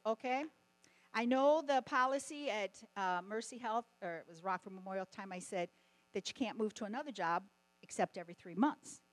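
A middle-aged woman giving a testimony sermon at a conference, telling stories in an animated way and often laughing. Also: a little high, dry recording, poor audio. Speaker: conference speaker.

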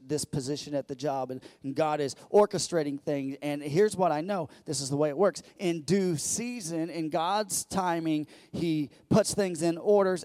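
A man preaching a lively sermon in a fairly high voice. He swings from loud, climbing peaks down to quiet asides and stumbles over repeated words as he builds momentum. The sound is close and dry. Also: no echo. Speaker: pastor.

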